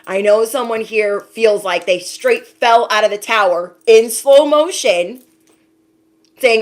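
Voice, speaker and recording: A woman's voice: a little high, slow. A woman, an intuitive card reader, giving a casual spiritual reading to her viewers, talking emphatically with a lot of repetition and some casual swearing.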